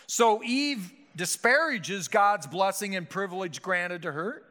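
Bright, high-pitched preaching man in a hall. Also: measured pace, few pauses. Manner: emphatic, rhetorical preaching with frequent restarts. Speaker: pastor. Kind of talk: sermon. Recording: hall reverb.

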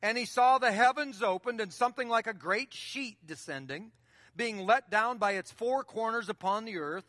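Male pastor, high bright voice, conversational sermon, repeats phrases, long hall reverb. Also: normal speed, clean studio sound.

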